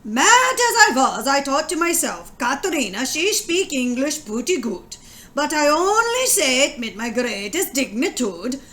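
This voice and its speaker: A woman's voice: high-pitched, big pitch swings, a little slow, pushed and bright, full character voice. A woman reading aloud as a bumbling old immigrant farmer who tells a comic tale in broken dialect English. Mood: telling a tale.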